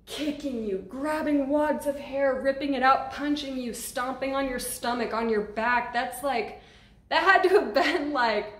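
A woman recounts a story straight to camera in a loose, blunt vlog style, cursing freely and getting animated. Her voice sits a bit high, and the room rings with noticeable echo. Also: measured pace. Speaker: vlogger. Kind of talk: casual storytime.

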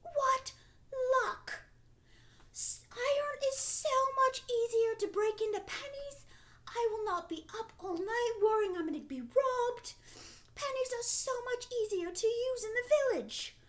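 A thrilled old village woman from a storybook tale squeals her exclamations in a voice pitched far above ordinary speech, as a woman storyteller puts her on. She stays endlessly cheerful and gleeful, and everything comes out loud and bright. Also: unhurried. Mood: delighted. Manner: high, squealing delighted exclamations. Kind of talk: storytelling performance.

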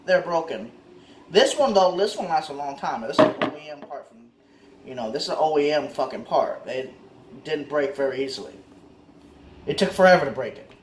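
A man's voice: fairly high pitch, a little hiss or hum. Frustrated man ranting in an echoey space. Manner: frustrated, repetitive, profane. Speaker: car owner vlogger. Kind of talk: casual ranting vlog.

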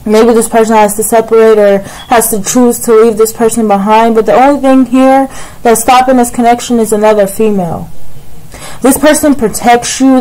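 Woman tarot reader, casual and rambling, slightly high voice, speaks directly to the viewer. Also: dark tone, rough recording. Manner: rambling, repeats "like" and "it's like", addresses viewer directly. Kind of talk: casual tarot reading to camera.

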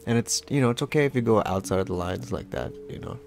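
A man's voice: on the low side, lively intonation, fast, creaky, a little mellow, soft background music. A man leading a casual draw-along lesson, talking as he draws, playful and rambling with self-mocking asides. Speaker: drawing instructor.

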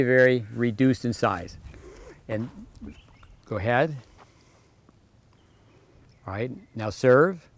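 A man giving a tennis lesson on court, instructing a player with short commands and counting out the serve rhythm. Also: medium pitch. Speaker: tennis coach.

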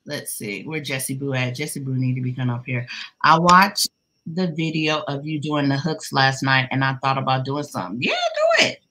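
A woman with a low yet bright, forceful voice hosts a cozy crochet livestream from home. She chats casually and greets each viewer by name with an affectionate, teasing tone. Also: steady tone, normal speed, a little hiss or hum. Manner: playful teasing with laughter. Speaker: livestream host.

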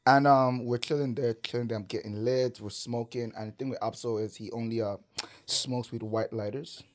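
A Canadian man, a guest on a podcast, tells a wild story in an animated way, swearing, laughing and filling his talk with "like." His voice is medium-pitched and his pace moderate.

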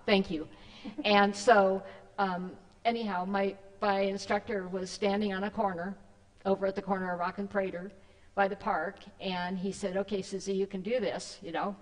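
A woman's voice: medium pitch, little pitch movement, normal speed, long reverb tail, low-quality recording. A woman giving a casual, rambling talk to a church group, with many fillers and restarts. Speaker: guest speaker. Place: church hall.

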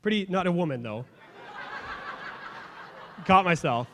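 A man's voice: sits high, expressive, measured pace, background noise. A young man preaching a sermon as a pastor, telling stories in a casual, humorous way. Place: church sanctuary. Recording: long hall reverb.

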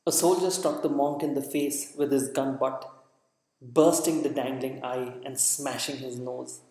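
A man reading dramatic narration at a measured pace, with occasional slips and restarts. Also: medium pitch, steady tone, darkish tone. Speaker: audiobook narrator. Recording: echoey reverberant room.

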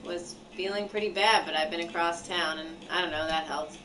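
A woman streams a story game, reading the lines with playful drama. Her voice sits a bit away from the mic. Game music plays clearly behind her. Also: on the low side, fairly even intonation, brisk, far from the mic, low-quality recording. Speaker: let's play streamer. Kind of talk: game playthrough, reading dialogue aloud.

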